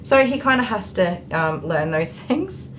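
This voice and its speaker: A woman's voice: fairly low pitch, expressive, unhurried, background noise. A middle-aged woman, a dog groomer, chatting on a live stream while she works, with lots of ums and laughs. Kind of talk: casual chat while working. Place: grooming salon, indoors.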